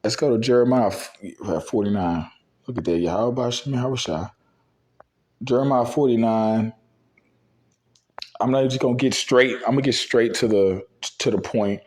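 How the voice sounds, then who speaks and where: A man teaching scripture in a loose, conversational way, reading verses slowly and dropping verbs as he talks, with his voice going a bit hoarse. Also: mid-range voice, a little mellow. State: losing his voice. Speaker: religious teacher.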